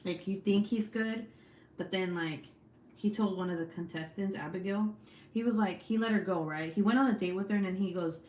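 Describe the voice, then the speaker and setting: A woman's voice: mid-range voice, a little fast, a little mellow, echoey room. A woman in her forties hosting a casual livestream, chatting with viewers and reading their comments, swearing freely. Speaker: livestream host.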